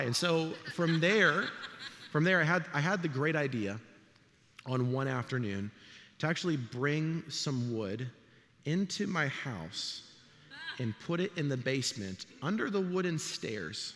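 A man's voice: fairly high pitch, moderate pace, slight background noise. Man preaching a sermon in a reverberant hall. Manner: animated storytelling, acts out voices. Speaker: pastor. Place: church sanctuary.

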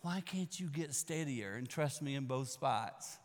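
A preacher voicing a calm grown man who speaks softly and never hurries, gently teasing those around him. The voice is quiet and laid-back. It echoes through a large hall. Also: mid-range voice, a little slow, lightly acted. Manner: soft, laid-back, hushed.

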